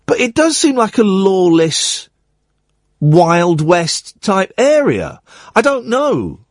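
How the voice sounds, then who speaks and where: A man hosting a late-night talk radio show, chatting in a wry, meandering way with a slightly husky voice. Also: high-pitched, sing-song, takes it slowly, no room sound, clean studio sound. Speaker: radio host.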